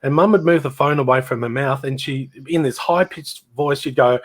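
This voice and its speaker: A man's voice: medium pitch, a little fast. A middle-aged Australian man telling rambling stories about his old band in casual chat, laughing and imitating people as he goes.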